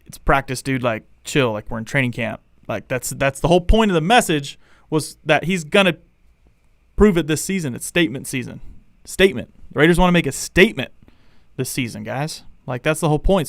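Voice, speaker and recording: A man's voice: a little high, lively intonation, brisk, gravelly, no echo, studio quality. A man, likely a young adult, hosting a live fan podcast in a rambling, opinionated way and calling out people in the chat. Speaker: podcast host.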